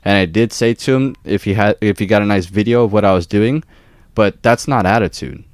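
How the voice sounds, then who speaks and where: A man's voice: on the low side, brisk, dry recording, studio quality. A young man co-hosting a podcast, telling a work story in casual chat, swearing freely and acting out quotes. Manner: profane, animated storytelling with acted quotes. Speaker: podcast co-host.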